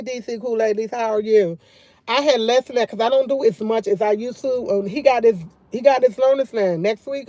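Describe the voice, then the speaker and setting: Woman, livestream host, loud, chatty, laughing storyteller, dry close sound. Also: a little high, no echo. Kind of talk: casual livestream chat.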